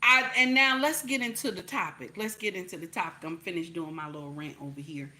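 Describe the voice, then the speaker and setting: A woman's voice: fairly low pitch, a little fast, pushed and bright. Blunt New Jersey woman ranting live. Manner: emphatic, repetitive, blunt and profane, keeps asking "okay?". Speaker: online commentator. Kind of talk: livestream commentary rant.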